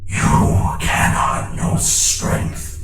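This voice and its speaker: A man voicing a grim, menacing male cyborg brute through a voice changer filter, breathing heavily. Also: extremely slow. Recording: heavily echoey with music behind.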